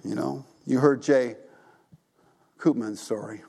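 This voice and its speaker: A male pastor preaching a sermon, retelling a story with lively emphasis and acted-out dialogue. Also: medium pitch, slow pace, vocal fry. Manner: animated, acts out characters' voices.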